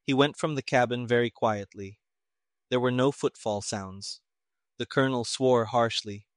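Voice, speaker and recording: Measured male story narrator, dry sound. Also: mid-range voice, no echo.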